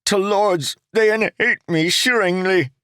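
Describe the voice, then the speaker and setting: A man voicing a dismayed young male bridgeman who groans in broken, halting speech. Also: high-pitched, pushed and bright, smooth, no echo, clean studio sound, voice pushed up. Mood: groaning despair.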